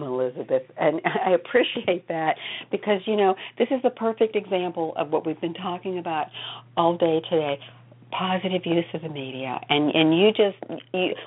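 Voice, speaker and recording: A woman with a fairly low voice speaks as a guest author over a tinny phone line. She sounds gracious and emphatic, lingering on her words of thanks. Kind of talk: casual chat.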